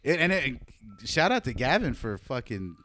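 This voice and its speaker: A young man chatting casually, telling a story with lots of animated retelling and casual swearing. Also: mid-range voice, normal speed, soft background music. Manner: animated storytelling, acts out quoted voices, laughs often, swears casually. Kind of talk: casual chat.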